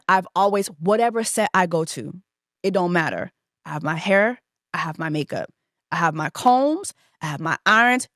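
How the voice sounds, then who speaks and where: A woman in her thirties tells a story on her podcast in a loose, animated, profane way. Her voice is middle in pitch. It is recorded dry and close, with no room sound. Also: no echo. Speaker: podcast host. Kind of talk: casual storytelling monologue.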